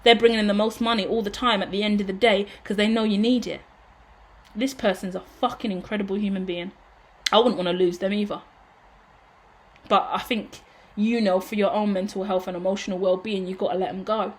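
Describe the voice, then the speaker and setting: A woman's voice: mid-range voice, steady tone, a little fast. Emotional, effusive woman tarot reader. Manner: emotional, effusive, swears casually. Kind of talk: casual tarot reading monologue.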